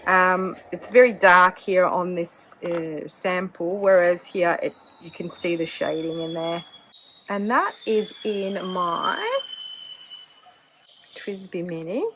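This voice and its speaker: A woman's voice: lowish voice, slow, a bit bright, a little hiss or hum, low-quality recording. A woman vlogging about her hobby in a cozy, casual chat, often hedging with "kind of". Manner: chatty, hedging with many "kind of"s. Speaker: fountain pen vlogger.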